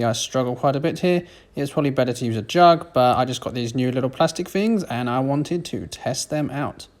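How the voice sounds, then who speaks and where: A man's voice: medium pitch, a little mellow. A British man giving a casual, self-deprecating voiceover for a home cooking video. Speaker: cooking vlogger.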